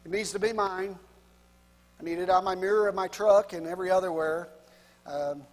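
A man with a high voice preaches a sermon in a long, echoing hall. He is folksy and pokes fun at himself, and he laughs often. He drops into quiet asides, then rises to loud, emphatic lines. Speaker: pastor.

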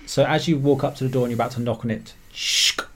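A man runs a tabletop game as game master, describing rooms and calling for dice checks. He talks in a middle pitch, stopping now and then on fillers as he builds each scene. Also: fairly even intonation, quick pace, a bit bright.

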